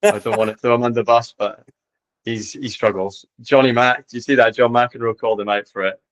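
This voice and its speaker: A man's voice: mid-range voice, a little fast. Podcast guest: scottish man in his forties, friendly and easygoing, slightly dull lo-fi audio. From Scotland, Edinburgh. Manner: relaxed and friendly, with fillers and repeats. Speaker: tennis coach, podcast guest. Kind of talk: casual interview chat.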